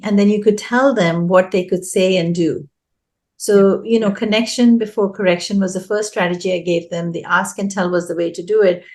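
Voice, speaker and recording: A woman guest in an interview, an early childhood education consultant explaining her advice earnestly and repeating key phrases for emphasis. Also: mid-range voice.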